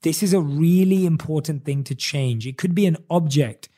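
A man delivers a motivational monologue straight to his listeners, leaning on repeated phrases and stretching out the words he wants to land. His voice sits a little high for a man, with a mellow, soft-edged tone. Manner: earnest, repetitive, slows down to stress key words. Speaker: self-help speaker.

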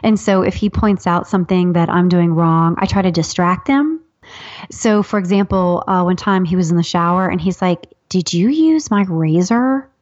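Woman guest, lively storyteller, does the voices of people she quotes, laughs a lot, dry and slightly muffled sound. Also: on the low side, moderate pace, no room sound. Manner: animated, acts out quoted voices, laughs often. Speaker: guest author. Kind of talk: casual storytelling chat.

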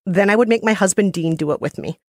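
A woman co-hosting a podcast, telling stories in an animated, self-mocking casual chat. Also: mid-range voice, fast, no echo, studio quality. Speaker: podcast co-host.

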